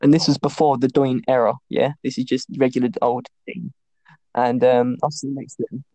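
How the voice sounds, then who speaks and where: A man's voice: medium pitch, little pitch movement, fairly quick, dark tone, no echo, low-quality recording. A young man co-hosting a podcast, casually telling school stories and laughing through his own anecdotes. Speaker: podcast co-host.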